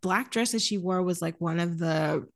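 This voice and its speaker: A woman's voice: on the low side, moderate pace. Giggly woman host chatting about films. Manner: animated, giggly, acts out scenes in quoted voices. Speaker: podcast host. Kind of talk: casual film discussion.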